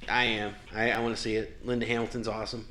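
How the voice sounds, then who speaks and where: A man's voice: lowish voice, little pitch movement, fast talker, sharp tone, slight background noise. A young man co-hosting a podcast in loose, casual chat, with lots of "like" and the odd swear word. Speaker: podcast co-host.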